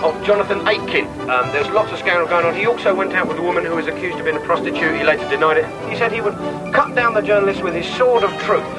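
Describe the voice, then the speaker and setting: A man's voice: sits high, rough recording. A British man doing sardonic stand-up comedy as a mock tour guide. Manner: sardonic, jokey, puts on shouted voices for bits.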